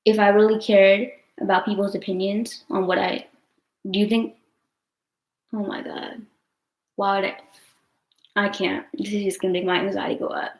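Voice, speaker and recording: A woman's voice: medium pitch, little pitch movement, moderate pace, long pauses. A young woman venting on a livestream, rambling and swearing a lot with many fillers, upset and tearful. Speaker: vlogger answering live chat. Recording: roomy echo.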